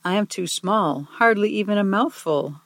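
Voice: mid-range voice, moderate pace, fairly bright tone, dry recording, clean studio sound, lightly acted. A reader voicing a small earnest owl knight. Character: small brave young male owl knight. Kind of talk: storybook read-aloud.

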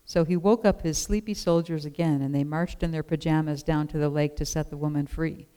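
A storyteller reading a children's tale aloud with expressive, measured pacing. The voice is smooth and clear, sitting at a middling pitch.

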